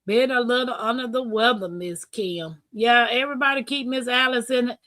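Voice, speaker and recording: A woman hosting a live-stream talk show, chatting casually, reading comments aloud and telling stories with animated bursts and laughter. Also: on the high side, normal speed, dry recording. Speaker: livestream host.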